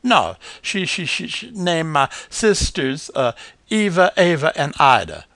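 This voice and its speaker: Guy doing a little stuttery possum kid, high and wobbly, dry close mic. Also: very animated, measured pace, fairly bright tone, no echo, full character voice. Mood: puzzled. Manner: stutters, drawling southern speech. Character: small stuttering young male possum.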